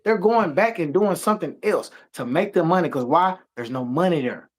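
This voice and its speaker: Swearing heavily, this male co-host of a casual talk show rants with emphatic, animated energy. His voice is fairly high and his pace moderate, and the conversation runs heated.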